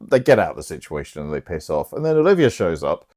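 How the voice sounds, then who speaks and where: A man's voice: sits low, big pitch swings, quick pace, a little mellow. A young man casually retelling a plot, chatty and irreverent, swearing now and then. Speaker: channel host.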